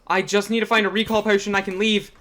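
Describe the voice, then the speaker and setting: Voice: mid-range voice, flat delivery, quick pace, fairly bright tone. A streamer giving live gameplay commentary, chatty and rambling with frequent ums.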